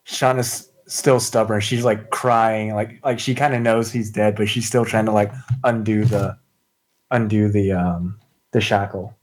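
A man playing a tabletop game, asking questions in a halting way with many "like"s and restarts. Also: fairly low pitch, steady tone. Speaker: player. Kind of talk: casual tabletop play.

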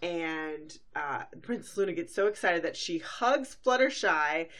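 A woman's voice: on the low side, animated, unhurried, a bit bright. A woman hosting a podcast, casually recapping a cartoon episode in a chatty way, with many fillers and brief acted-out quotes. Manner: chatty, full of fillers, briefly acts out characters. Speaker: podcast host.

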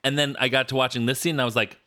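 A man's voice: medium pitch, steady tone, racing, pushed and bright. A man co-hosting a casual podcast, chatting about a film in an amused way, often trailing off and restarting. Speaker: podcast co-host. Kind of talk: casual chat.

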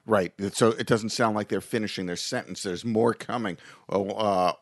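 A man's voice: lowish voice, steady tone, normal speed, no room sound, studio quality. A man co-hosting a podcast about couples in business, talking in playful, teasing banter. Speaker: podcast co-host. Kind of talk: casual chat. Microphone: podcast microphone.

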